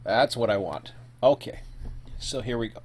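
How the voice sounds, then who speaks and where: Male live streamer, casual, rambling, thinks aloud at a desk mic, midrange pitch. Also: moderate pace, slight background noise. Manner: thinking aloud, rambling with fillers and self-corrections; eating while talking.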